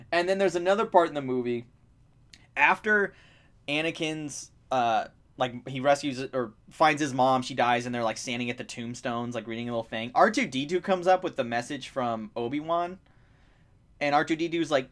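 A man's voice: on the high side, moderate pace, fairly bright tone. A man in casual conversation about a film, rambling with many fillers, swearing and acting out lines from scenes. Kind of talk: casual movie discussion chat.

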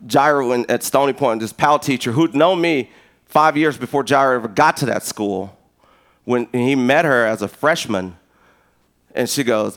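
A middle-aged man preaching a sermon as pastor, an animated, joking storyteller who acts out conversations. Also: mid-range voice, normal speed.

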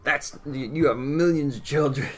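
A man's voice: on the high side, normal speed. A young man telling a story in a casual podcast chat, joking crudely. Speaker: podcast co-host.

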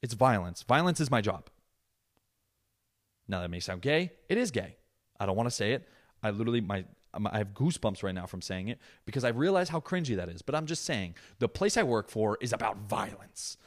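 A young man hosting his own podcast, ranting alone in a profane, sarcastic and animated way. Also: fairly low pitch, brisk. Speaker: podcast host. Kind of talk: solo podcast rant.

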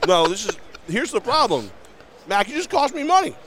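A man's voice: sits high, sing-song, moderate pace, a bit bright. A man from upstate New York co-hosting a casual radio interview, joking and laughing often, with ad reads mixed in. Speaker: radio co-host. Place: outdoor radio row booth.

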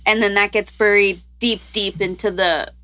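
A woman's voice: medium pitch, fairly even intonation, moderate pace, bright, forceful tone. A woman co-hosting a podcast, chatting casually and rambling through science news with frequent laughs.

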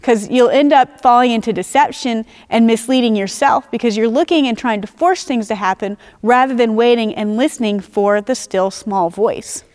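Woman preacher, fairly high voice, earnest teaching sermon, slows to stress key phrases. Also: darkish tone.

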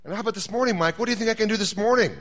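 A man's voice: high-pitched, very fast, pitched above the performer's own voice. Man voicing a teasing, patient God. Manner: gently prodding, rhetorical questions.

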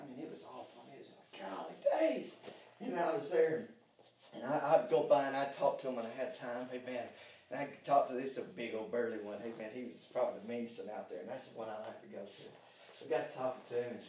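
A man preaching a sermon. He swings from hushed prayer to loud shouting and fills his talk with "hey, man" and "uh". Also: mid-range voice, recorded from a distance, slight background noise. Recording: echoey room, voice from off mic.

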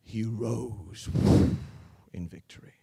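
A male pastor preaching a sermon, swinging from loud declarations to hushed asides and leading the congregation in call-and-response. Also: fairly low pitch, slow pace, gravelly, a little hiss or hum.

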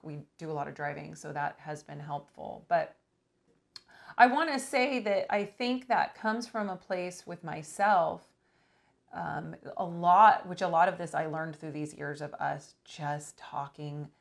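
Woman, couples counselor type, reflective casual chat, lowish voice. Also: a little slow, gravelly. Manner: reflective, thinking aloud.

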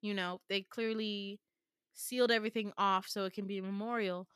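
A woman's voice: medium pitch, fairly even intonation, brisk, a bit bright, smooth, no room sound, studio quality, lightly acted. A woman quoting a distraught young man in her story, with agitated, repeated questions and her own voice barely changed. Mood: pleading.

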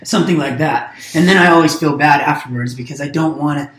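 A man talks casually on a podcast, thoughtful and a little halting, often restarting his sentences. His voice carries a clear room echo. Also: on the high side, fairly bright tone. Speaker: podcast co-host, father. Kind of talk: casual conversation.

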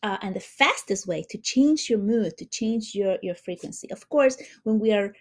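A woman hosting a spiritual healing talk, speaking gently and addressing her listeners warmly. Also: medium pitch, expressive. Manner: slow, soothing, warm-hearted, addresses listeners as beautiful souls.

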